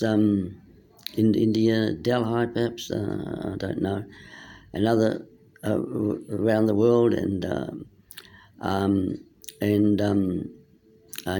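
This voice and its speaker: A man's voice: fairly low pitch, gravelly, warm tone. A man giving a meandering, hesitant monologue that keeps losing its thread. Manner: meandering, hesitant, loses his train of thought. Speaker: speaker. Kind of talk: rambling monologue.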